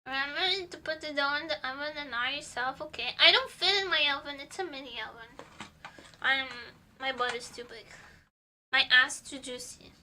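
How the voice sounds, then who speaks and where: A woman streamer whose first language is Portuguese, chatting casually and rambling with giggles while she bakes, with a squeaky voice. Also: moderate pace, sharp tone, slight background noise. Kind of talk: casual livestream chat while baking.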